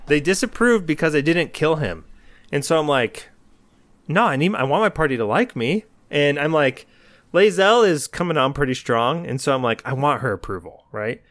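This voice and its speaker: A man co-hosting a podcast, telling an animated story in casual chat and acting out his own lines. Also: a little high, normal speed, dry recording. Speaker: podcast co-host.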